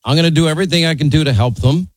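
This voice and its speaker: A man's voice: on the high side, racing, dry recording, poor audio. A man hosts a call-in radio show, blunt and opinionated, teasing his callers. He grew up in New York. His voice sounds dry and close, with no room around it. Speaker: radio talk show host. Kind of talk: talk radio, taking calls.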